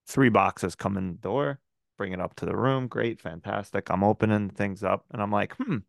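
A man's voice: mid-range voice, creaky, dry recording, clean studio sound. A man co-hosting a podcast, ranting in casual chat, rambling and swearing often. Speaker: podcast co-host.

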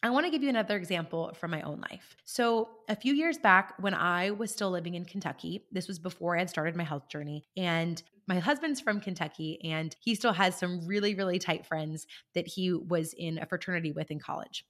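A woman hosting a podcast, talking listeners through a coaching idea in a casual, animated way and checking in with them as she goes. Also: on the low side, fairly quick, few pauses. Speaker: podcast host and life coach. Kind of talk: conversational coaching monologue.

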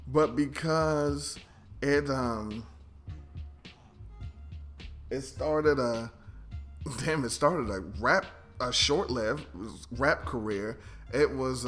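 Host type: man, slow easygoing delivery, faint music beneath. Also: medium pitch. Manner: relaxed, hesitant, lots of ums. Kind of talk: casual countdown commentary.

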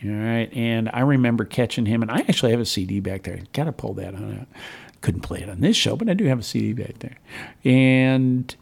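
Male radio host with a gravelly, fry-edged voice, middle pitch, rambling and upbeat. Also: expressive, brisk, a little mellow. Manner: rambling, enthusiastic, chatty. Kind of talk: casual on-air radio talk. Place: radio studio.

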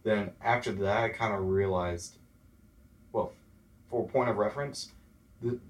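Guest spot: young man from Texas, lowish voice, lively storyteller who does the voices in his anecdotes. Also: a little slow. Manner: animated storyteller, acts out quoted voices. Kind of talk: casual interview chat.

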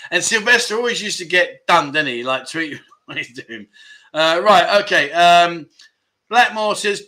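A high-pitched, animated man in his 50s talks at normal speed with a sharp tone while hosting a casual livestream chat show in Pattaya. Reading out viewer comments, he rambles along chattily, with frequent fillers and self-corrections.

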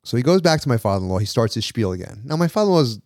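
Podcast host, thirties, animated storyteller who voices his quotes, dry close sound. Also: medium pitch, very fast, no room sound. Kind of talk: casual storytelling.

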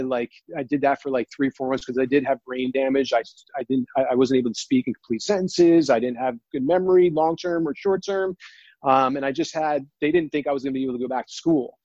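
A man earnestly telling a personal story, near tears, halting and restarting often. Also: mid-range voice, steady tone, darkish tone, no echo, lo-fi sound. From New Jersey. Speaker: guest.

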